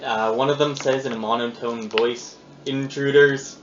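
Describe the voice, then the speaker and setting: A man running a tabletop role-playing game as dungeon master, describing scenes in a halting, casual way with plenty of fillers. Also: mid-range voice, steady tone, roomy sound, a crowd in the background. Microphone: phone on the table. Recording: noisy lo-fi phone recording.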